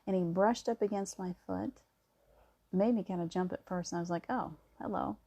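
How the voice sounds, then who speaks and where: Soft-spoken, mellow woman reassuring viewers. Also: on the low side, steady tone, a little fast. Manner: soft-spoken, reassuring, storytelling with gentle emphasis. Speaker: spiritual vlogger. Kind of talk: casual spiritual monologue.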